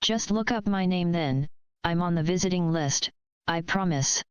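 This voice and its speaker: A woman reading aloud, voicing a young woman gym leader who is tense and short-tempered, speaking quietly with clipped edges. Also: on the low side, normal speed, clean tone, no echo, natural voice. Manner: quiet then clipped and hissing.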